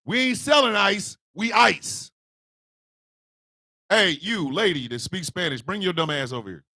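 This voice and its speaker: A man's voice: high-pitched, expressive, a little slow, sharp tone, dry recording, studio quality, pitched below the performer's own voice, full character voice. A man voicing a crude bossy immigration officer. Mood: gruff, bossy. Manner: gruff, insulting, bossy.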